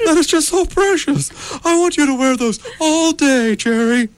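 A man voicing a creepy cooing dog sitter. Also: extremely high pitch. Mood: gushing. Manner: cooing, teasing, slow and drawn-out. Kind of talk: cartoon voice acting.

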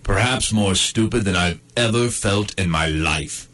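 A man's voice: lowish voice, measured pace, a bit bright. A man voicing a grumpy, sarcastic male dog stuck in a cone, in a comedic inner monologue. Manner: sardonic, self-pitying and crude.

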